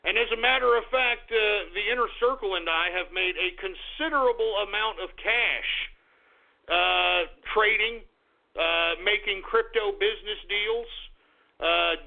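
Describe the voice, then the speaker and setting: A man's voice: sits high, vocal fry. A man hosting an internet radio show, ranting in exasperation and cursing, with frequent sighs. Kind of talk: ranting call-out monologue. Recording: tinny phone-like line.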